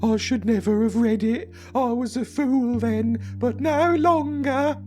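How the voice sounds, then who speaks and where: A man voicing a haunted, fearful man with an English accent in a raised, high voice. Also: unhurried, darkish tone, faint music behind. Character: haunted man who read a cursed book.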